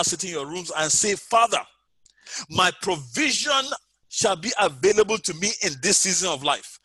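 A man's voice: high voice, lively intonation, moderate pace, pushed and bright, slightly rough, no room sound, rough recording. A man preaching and leading prayer, chanting fervently and repeating "Father Lord" as he speaks to listeners at home. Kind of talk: prayer and sermon.

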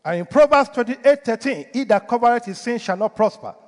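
A man's voice: extremely high pitch, animated, brisk, big-room sound. A male pastor delivering a sermon, preaching emphatically and putting rhetorical questions to the congregation. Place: church.

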